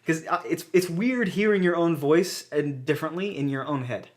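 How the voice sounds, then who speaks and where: A man's voice: a little high, moderate pace. A young man from the southern United States, co-hosting a podcast in casual chat and telling self-deprecating stories with plenty of laughs. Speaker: podcast co-host.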